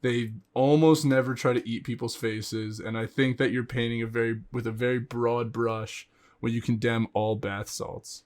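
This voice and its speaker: A man's voice: medium pitch, steady tone, a little mellow. Young man, dry joking podcast guest. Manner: dry joking, quick to laugh. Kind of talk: casual chat.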